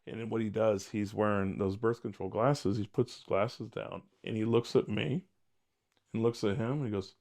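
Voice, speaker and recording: Older man, retired detective, lowish voice, blunt, wry humor, rambling storyteller, lots of fillers. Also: fairly even intonation, normal speed, darkish tone. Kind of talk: storytelling interview.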